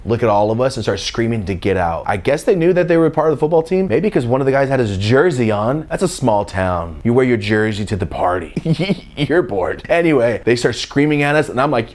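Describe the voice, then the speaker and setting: Male comic from California, casual slangy storyteller, mid-pitched, big squeaky quote voices and sudden whispers. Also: animated, brisk, hardly any pauses, a little mellow. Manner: casual slang-heavy delivery. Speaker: comedian. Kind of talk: comedic story time.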